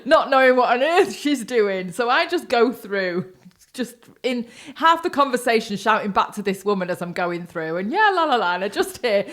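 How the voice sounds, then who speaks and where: Laughing storyteller woman, bright voice. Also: fairly high pitch, normal speed. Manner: animated anecdote-telling, laughing often, acting out quotes. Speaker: podcast co-host. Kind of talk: casual chat, storytelling.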